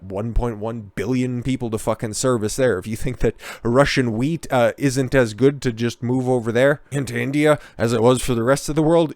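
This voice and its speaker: A man's voice: medium pitch, no room sound. A young man giving casual, sarcastic political commentary, cursing often and mocking what he reads out. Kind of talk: casual commentary on read-out news.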